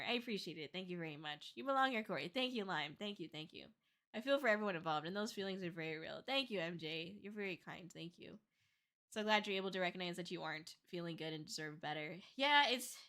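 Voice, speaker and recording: A young woman streamer chatting casually with her viewers, soft and emotional, teary after crying and laughing between thank-yous. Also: on the low side. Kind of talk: casual livestream chat reading comments.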